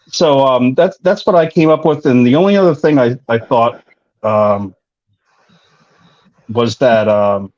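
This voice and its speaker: A man's voice: medium pitch, animated, slow pace, pauses often, a little mellow, lo-fi sound. A man co-hosting a casual commentary chat, talking in an indignant, rambling way with many restarts. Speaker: co-host.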